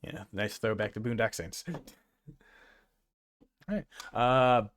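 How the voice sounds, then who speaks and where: A man narrating as game master in a relaxed way, with frequent fillers. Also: lowish voice, takes it slowly, a little hiss or hum.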